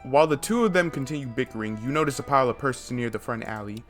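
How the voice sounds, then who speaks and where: A man's voice: mid-range voice, fast talker. Male gaming YouTuber, reads dating-game text with jumpy asides, faint music behind. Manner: excitable, laughing asides. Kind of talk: reading a dating game aloud with commentary.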